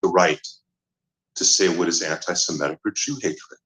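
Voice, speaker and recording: Man, rabbi, very low voice, earnest explaining, echoey room. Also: fairly even intonation, normal speed, a bit bright. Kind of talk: podcast conversation. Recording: roomy played-back clip.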